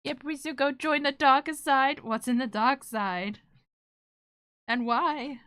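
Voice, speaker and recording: A woman's voice: high voice, slow, a bit bright, dry recording, clean studio sound. A woman streamer chatting casually with her live chat while she draws, joking and self-deprecating.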